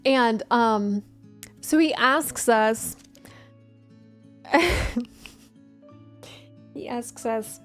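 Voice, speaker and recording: Woman streamer, casual chat, higher-pitched, laughs a lot, faint music behind. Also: very slow, long pauses, fairly bright tone. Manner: chatty storytelling, laughs often. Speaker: gaming streamer.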